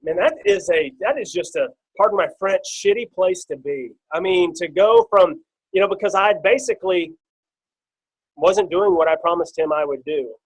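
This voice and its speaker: A man's voice: high-pitched, moderate pace, husky, rough recording. Man telling his story in a casual, rambling way. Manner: casual and storytelling, with many fillers and restarts. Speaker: guest speaker on a team call. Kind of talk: personal testimony on a conference call.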